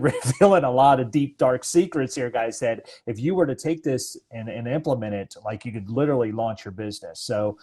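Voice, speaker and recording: Upbeat, mellow-voiced male host. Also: mid-range voice. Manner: upbeat and affirming, with frequent "amen" and "man". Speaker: host of a faith-based business live show. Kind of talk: casual live-stream interview.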